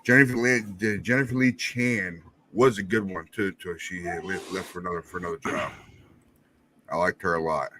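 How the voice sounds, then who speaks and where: A man's voice: low-pitched, steady tone, moderate pace, background noise. A man on a sports podcast, rambling and repeating himself. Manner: rambling, repetitive. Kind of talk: casual sports chat.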